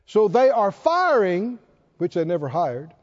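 High-voiced animated male preacher. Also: a little slow. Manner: animated, reads scripture and acts out quotes. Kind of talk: sermon. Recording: dull recording in a reverberant hall.

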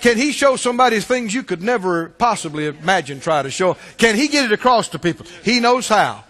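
A man preaching a sermon, his delivery swelling into emphatic shouts and dropping to hushed asides. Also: high-pitched, very animated, brisk. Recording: long hall reverb.

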